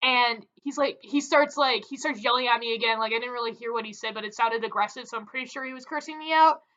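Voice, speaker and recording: Chatty young woman, high voice. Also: fast talker, highs cut off. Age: young adult. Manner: chatty, filler-heavy, animated. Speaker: vlogger. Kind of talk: casual storytelling.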